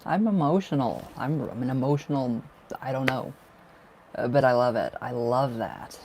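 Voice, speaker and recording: A man's voice: medium pitch, expressive, normal speed, a little mellow, slight background noise. A man giving tarot card readings on a casual livestream, affectionate and gushing, laughing often as he chats to viewers. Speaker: tarot reader.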